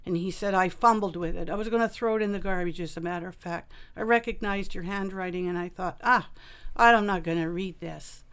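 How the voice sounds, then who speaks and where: A woman author telling a personal story in a radio interview, halting and full of fillers and restarts. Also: on the low side, a bit bright, smooth. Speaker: author and guest.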